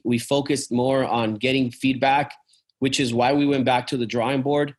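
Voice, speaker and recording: A man's voice: medium pitch, fairly even intonation, normal speed. Chatty man with restless fillers. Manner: rambling, many fillers and restarts; uses "man" and "dude" often. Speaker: travel business owner. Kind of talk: casual business conversation.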